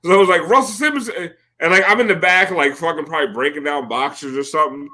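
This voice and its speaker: Animated, swearing man telling a story. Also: fairly high pitch, quick pace. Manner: animated, profane, acts out quotes. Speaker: podcast host. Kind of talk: casual storytelling chat.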